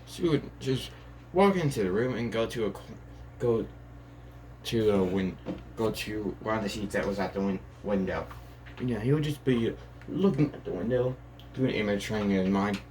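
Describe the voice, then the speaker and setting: A man improvises a fan story aloud, rambling and restarting with constant casual fillers. His voice sits low. A faint hiss runs under the recording. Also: normal speed, darkish tone. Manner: rambling, full of "and yeah, like" fillers.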